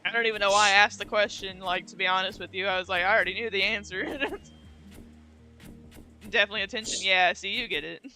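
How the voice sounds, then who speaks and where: A woman's voice: medium pitch, steady tone, fast, bright, forceful tone, faint music behind. A young woman streamer chatting casually, slangy and laughing often. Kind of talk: casual chat.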